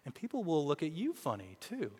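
Brief: male pastor in his 40s, raised in Kansas, lively sermon delivery, slightly higher voice, long church reverb. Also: fairly quick, slightly rough. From Kansas, USA. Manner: animated, often repeats words when starting a thought.

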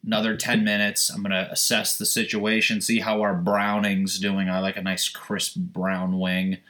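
A young man talks alone into his podcast mic at home, his voice sitting a little low. He rambles from one thing to the next with swearing and jokes. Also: flat delivery, moderate pace. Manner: loud, profane, rambling and joking. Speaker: podcast host. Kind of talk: casual solo podcast rant. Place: home, seated on a squeaky chair.

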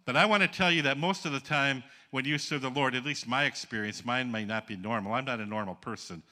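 Bright-voiced man preaching folksy sermon. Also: medium pitch, a little fast. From Upper Peninsula of Michigan. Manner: folksy, jokes with the congregation and calls for responses. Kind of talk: sermon with stories.

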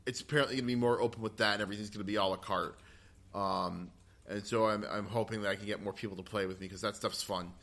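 Male podcast co-host, crisp bright tone, casual rambling delivery. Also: on the low side, fairly even intonation, fast talker. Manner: rambling, many fillers and restarts. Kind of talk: casual gaming podcast chat.

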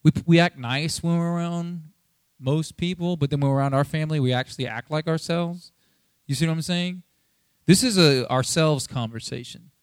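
A man preaching a sermon in a casual, conversational way, acting out quoted dialogue with animated inflection. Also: on the high side, normal speed, smooth, dry recording. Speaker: pastor.

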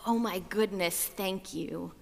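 A woman's voice: medium pitch, slow pace, long reverb tail. A woman voicing a three-year-old girl who whispers in awe and gratitude. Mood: awed whisper. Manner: hushed, whispering.

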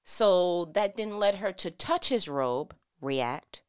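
Smooth low-voiced woman teaching scripture. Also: lively intonation, slow, few pauses. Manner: playful, slangy asides between scripture readings. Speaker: Bible teacher. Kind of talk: casual Bible teaching.

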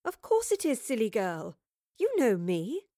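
A woman's voice: on the high side, wildly swooping pitch, measured pace, mellow, no room sound, clean studio sound, heavily acted. A woman voicing a kindly, genteel lady who gasps and sounds friendly but concerned, in an audiobook. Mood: surprised. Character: kindly, genteel young lady, easily startled. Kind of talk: audiobook character voice.

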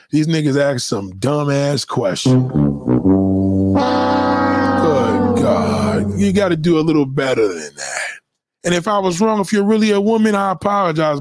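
Guy ranting on his livestream, swearing a lot, lively up-and-down voice, kinda high, dry close mic. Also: dry recording. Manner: animated, profane, mocking commenters. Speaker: livestream host. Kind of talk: casual livestream rant.

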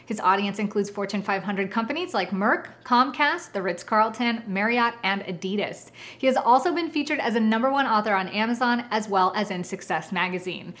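A woman's voice: medium pitch, animated, a little fast, a bit bright. A woman hosting a podcast interview, introducing her guest and asking questions in an enthusiastic, casual way, with fillers like "like" and "I mean". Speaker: podcast host.

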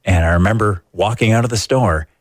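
A man's voice: lowish voice, fairly quick, no room sound, studio quality. A middle-aged man co-hosting a radio show, telling stories in casual banter with an amused, chuckling manner. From Huron County, Ontario, Canada. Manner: amused storyteller, chuckling, puts on silly voices.

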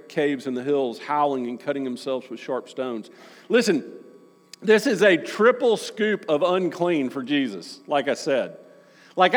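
Guy preaching a sermon, kinda high voice, chatty jokey asides, big echoey church hall. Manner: conversational, joking asides between readings. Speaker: pastor. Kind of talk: sermon with scripture reading. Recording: long reverb of a large room.

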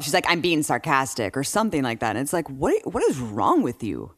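A man co-hosting a podcast, chatting casually about politics, incredulous and animated as he retells events. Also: on the high side, fairly quick, few pauses. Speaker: podcast co-host.

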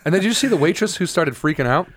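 A man's voice: on the high side, expressive, racing, a bit bright, dry recording, clean studio sound. A man co-hosting a podcast as a comedian, telling crude stories with acted-out quotes in a casual chat.

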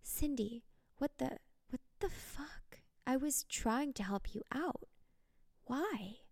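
A woman's voice: medium pitch, unhurried, creaky, darkish tone, dry recording, studio quality, big-room sound. A woman voicing a frightened, angry teenage boy who curses and pleads. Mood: pleading. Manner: cursing, pleading.

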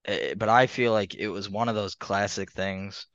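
A man's voice: fairly low pitch, fairly even intonation, moderate pace, a bit bright, no echo. A man co-hosting a podcast, rambling through a casual sports chat and laughing between points. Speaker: podcast co-host. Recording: slightly muffled lo-fi audio.

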